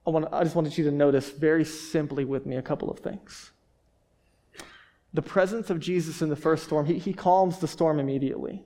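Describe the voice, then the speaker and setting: A man's voice: on the high side, steady tone, fairly quick, warm tone. A man preaching a sermon to a congregation in a casual, conversational way, asking rhetorical questions and often restarting his words. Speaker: pastor.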